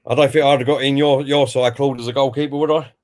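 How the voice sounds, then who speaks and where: A fast-talking man with a mid-range, darkish voice and a steady tone co-hosts a live football watch-along stream. In a chatty manner he reads viewers' chat comments aloud and follows each with his own view while commentating.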